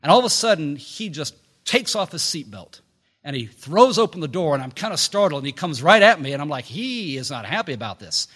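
A man preaching a sermon to his meeting, telling a story that swells to loud peaks and drops to quiet, low endings. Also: sing-song, fairly quick, slightly rough. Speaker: pastor. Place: meeting house. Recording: long reverb of a hall.

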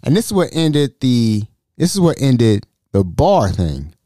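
A man spins a casual podcast story in a lively, up-and-down voice that switches into the people he quotes. His tone is dark and mellow, and the recording is dry and close. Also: medium pitch, a little slow, no echo. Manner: animated, slangy, acts out the people he quotes. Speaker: podcast host.

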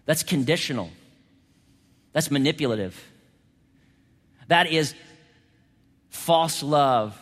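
A male pastor delivering a dynamic sermon, moving between hushed, quiet passages and loud, emphatic exclamations. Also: on the high side, takes it slowly, long pauses. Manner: dynamic preaching, swings from hushed to shouting. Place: church sanctuary. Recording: hall reverb.

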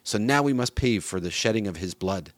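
A man's voice: lowish voice, expressive, brisk, no echo, lightly acted. A man reading the lines of a reproachful eldest brother who scolds the others.

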